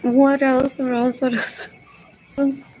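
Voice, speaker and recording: A woman's voice: high-pitched, level tone, takes it slowly, a little mellow, slight background noise, rough recording. A young woman rambling in a solo monologue, repeating herself and muttering as if to herself.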